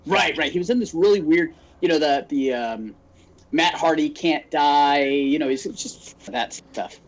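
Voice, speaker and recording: On slightly lo-fi sound, this Phoenix, Arizona podcast co-host speaks a little slowly in a voice on the high side. He's an animated storyteller in casual conversation, performing each quote as he recounts it.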